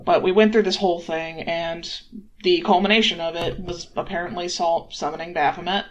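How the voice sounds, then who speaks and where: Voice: mid-range voice, fairly even intonation, a little fast, close to an everyday voice, low-quality recording. A player voicing a worried, guilt-ridden elf adventurer in a tabletop game, rambling with many fillers. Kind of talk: in-character tabletop play.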